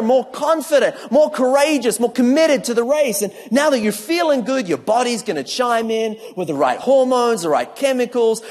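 A man preaching a sermon that mixes scripture and neuroscience, telling stories with humor and acting out what people say. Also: very high-pitched. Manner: animated storyteller who acts out quotes with humor. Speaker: preacher and speaker. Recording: long hall reverb.

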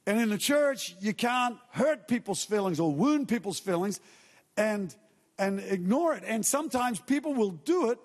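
A man's voice: high-pitched, animated, normal speed, big-room sound. A male pastor preaching a conversational sermon, acting out everyday scenes and quotes as he goes.

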